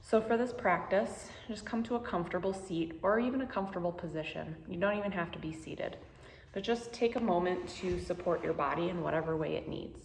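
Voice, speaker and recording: A woman guiding a meditation, speaking slowly and gently with soothing instructions. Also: lowish voice, creaky, echoey room, a little hiss or hum. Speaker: meditation guide. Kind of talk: guided meditation.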